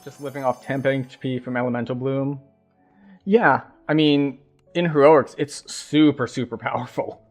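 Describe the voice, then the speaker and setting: A man casually commenting while playing a game, relaxed and chatty. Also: medium pitch, normal speed, faint music behind. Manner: relaxed, chatty, explains as he plays. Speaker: streamer.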